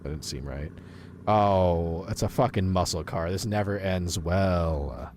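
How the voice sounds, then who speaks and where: A man's voice: low voice, measured pace, a little mellow, a little hiss or hum. A man streaming live, reacting to videos with profane, incredulous commentary.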